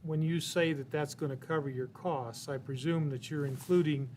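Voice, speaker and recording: Man, fairly high voice, measured, inquiring, council meeting, faint room noise. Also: fairly even intonation. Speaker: city council member.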